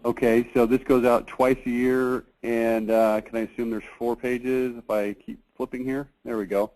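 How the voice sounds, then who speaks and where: A man hosting a casual conference call, chatty and halting, with many fillers. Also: medium pitch, level tone, a little mellow, poor audio. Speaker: host of a marketing review call.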